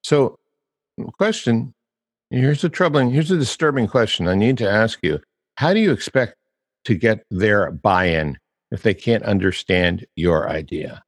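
Deep-voiced older man hosting a podcast. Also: animated, a little slow, in a large hall. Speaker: podcast host. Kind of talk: casual podcast chat on copywriting.

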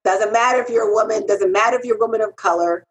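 Talking at a quick pace, a middle-aged woman recounts stories in an interview about life as a freelance copywriter, candid and emphatic. Her pitch jumps as she quotes herself, and she's animated, though the recording is rough.

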